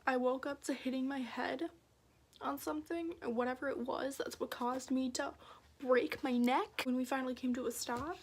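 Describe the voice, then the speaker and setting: High-voiced young woman, soft and whispery. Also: slight background noise. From Minnesota, USA. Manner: soft-spoken, often slipping into a breathy whisper. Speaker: vlogger. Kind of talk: casual storytelling to camera.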